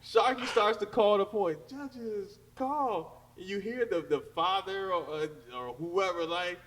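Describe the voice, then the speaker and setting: Animated man telling a story, far mic. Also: high voice, moderate pace. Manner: animated storytelling, laughs a lot, loud acted shouts. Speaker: podcast co-host. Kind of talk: casual chat. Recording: distant mic with background noise.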